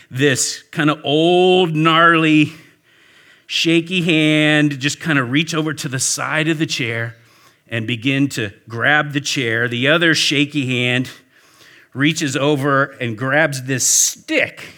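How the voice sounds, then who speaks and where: A man, a pastor, telling a lively story to a church audience and talking back and forth with them. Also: medium pitch. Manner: animated storyteller, talks with the audience. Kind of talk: storytelling sermon. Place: warm indoor church hall with an audience.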